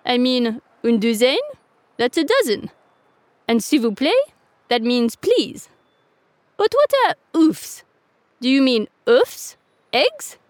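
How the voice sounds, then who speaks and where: A woman's voice: high voice, very animated, takes it slowly, pauses often, dry recording, full character voice. A woman voicing a jolly moustached cockerel shopkeeper in a children's story, teasing and laughing with a crowing cackle. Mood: cheery.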